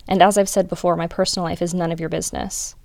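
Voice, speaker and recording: A woman reading the lines of a guarded, defensive woman FBI agent in a low, flat, gravelly voice. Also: fast talker, dry recording. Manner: clipped, defensive.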